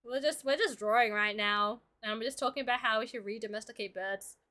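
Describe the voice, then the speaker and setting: Young woman streaming, high bouncy voice, bright and chatty, playful. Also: a little fast. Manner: chatty and playful, talking to chat. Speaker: streamer and illustrator. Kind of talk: casual livestream chat while drawing.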